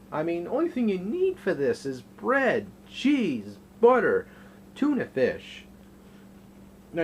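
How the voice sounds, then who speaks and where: A man's voice: a little high, a little hiss or hum. A man hosting a casual home cooking vlog from his kitchen, rambling and joking as he cooks and chats to his dog.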